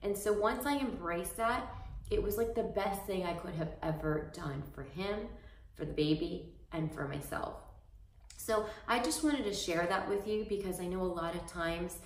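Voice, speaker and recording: A woman gives an earnest motivational talk as a fitness coach, rambling and restarting as she encourages. Her voice sits on the low side. The mic is far away in an echoey room. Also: normal speed, slight background noise. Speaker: fitness coach and business owner. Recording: roomy echo, mic far off.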